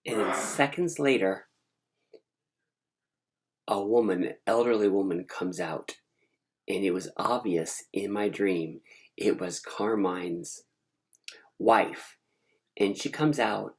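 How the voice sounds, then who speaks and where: Very low-voiced woman telling a rambling story. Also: slow. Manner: animated, rambling, digressive. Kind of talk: casual storytelling.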